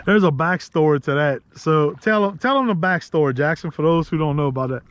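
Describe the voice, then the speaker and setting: A man with a Louisiana accent talks casually from a kayak out on the marsh. His voice sits a little high, and he rambles through friendly asides and laughs easily. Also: fairly quick, clean tone. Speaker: host. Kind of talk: casual outdoor vlog talk.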